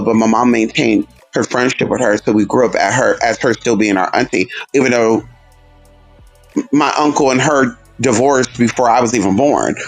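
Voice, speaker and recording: Sassy, gravelly-voiced man chatting on stream. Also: on the high side. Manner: sassy, animated, addresses viewers as girl and honey. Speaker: livestream host. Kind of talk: casual livestream chat.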